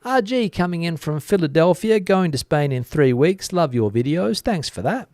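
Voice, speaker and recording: A man's voice: on the high side, expressive, moderate pace, a little mellow, dry recording, studio quality. Chatty man hosting live chat. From Australia. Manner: hesitant, lots of uh fillers, reads out comments. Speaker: livestream host reading chat.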